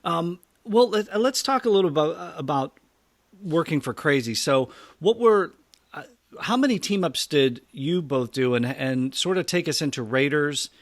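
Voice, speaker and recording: A man's voice: on the high side, expressive, normal speed, no echo. A man hosting a podcast interview, asking enthusiastic, meandering questions. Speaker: podcast host. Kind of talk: casual interview.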